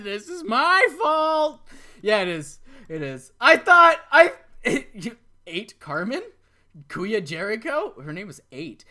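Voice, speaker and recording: A man hosting a let's play, reading a visual novel aloud with dramatic narration broken by excited outbursts. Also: high voice.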